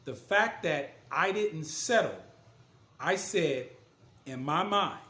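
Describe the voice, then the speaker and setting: A man's voice: a little high, lively intonation, slow pace, pushed and bright. A man, an author and motivational speaker, telling his story in a casual, earnest and emphatic way. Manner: earnest and emphatic, retelling scenes with voiced quotes. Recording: echoey room.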